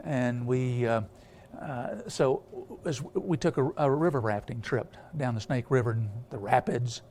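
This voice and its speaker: A man's voice: medium pitch, a little slow, darkish tone, slight background noise. A man preaching a storytelling sermon, rambling with many filler sounds and restarts.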